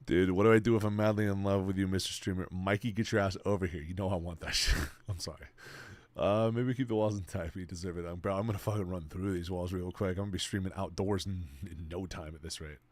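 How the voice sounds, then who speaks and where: A man's voice: low-pitched, fairly even intonation, fast. A man in his twenties chatting casually on a live stream, swearing freely and giving laid-back advice to his chat while he plays. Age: 20s.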